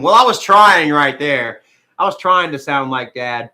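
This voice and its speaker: A man's voice: fairly high pitch, slow, sharp tone. A man chatting casually as a vlogger, rambling and swearing, with man and bro tossed in often. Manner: rambling, profane, says man and bro a lot. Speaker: vlogger reading live chat. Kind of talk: casual chat.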